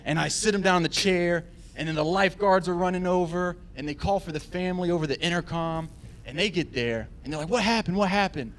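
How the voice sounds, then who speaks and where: A man tells a comic story on a live podcast, his voice sitting a little high. He slips into the voices of the people in his tale. He keeps the telling lively. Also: fast. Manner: animated, acts out quoted voices. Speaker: guest storyteller.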